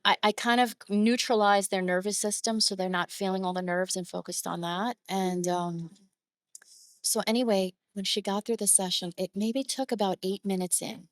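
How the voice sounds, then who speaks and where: A woman's voice: mid-range voice, normal speed, no room sound. A woman photographer guest on an interview podcast, telling stories conversationally and animating her clients' words. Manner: warm, emotive, animated when quoting clients.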